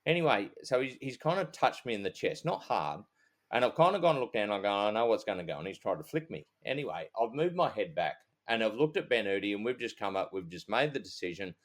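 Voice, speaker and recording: A man's voice: lowish voice, very animated, fast talker. A middle-aged Australian man, a podcast co-host who is a police officer, rambling through a casual anecdote with sweary asides and quoted dialogue. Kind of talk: casual storytelling.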